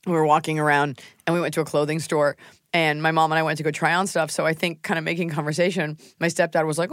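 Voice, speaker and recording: A woman's voice: low-pitched, flat delivery, quick pace, no room sound, studio quality. A woman comedian hosting a podcast, chatting and joking while snacking at the microphone. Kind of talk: casual podcast chat. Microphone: studio microphone.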